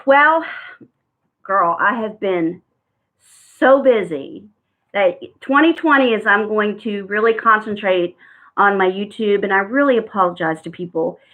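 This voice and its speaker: A woman's voice: mid-range voice, lively intonation, unhurried. Chatty woman on a tinny phone-like line. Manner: chatty and rambling, with frequent fillers. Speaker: tarot card reader. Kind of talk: casual live-stream chat.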